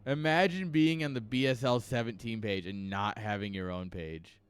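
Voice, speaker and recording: A man's voice: on the low side, moderate pace, clear, resonant tone. A man chatting casually on his livestream from home, tipsy, loose and profane, rambling from one tangent to the next. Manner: loose, rambling and profane, laughs between thoughts. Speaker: stream caster.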